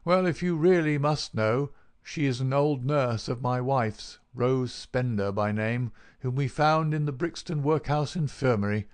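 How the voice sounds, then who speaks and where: A man's voice: medium pitch, unhurried, hardly any pauses, lightly acted. A man voicing a big, bald, unctuous male swindler in an audiobook, his talk oily and mocking. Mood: gloating. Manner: oily, made-everything-easy talk. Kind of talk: audiobook character reading.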